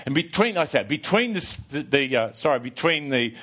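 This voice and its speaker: Older guy preaching, kinda high voice, super lively ups and downs, restarts a lot telling his story. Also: a little fast, breathy edge. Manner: animated storytelling, restarts and repeats words. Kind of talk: sermon, personal story.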